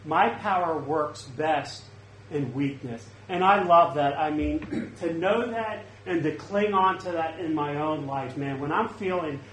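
Pastor type, man with a slightly high voice, earnest and conversational sermon delivery; echoey room. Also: a little slow, a bit bright, slight background noise. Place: church service. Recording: roomy, faint ambience.

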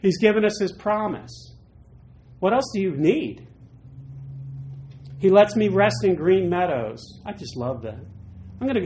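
Animated male pastor preaching. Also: unhurried, pauses often, slight background noise, poor audio. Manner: animated, acts out quoted voices with big jumps in pitch and loudness. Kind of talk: informal midweek sermon.

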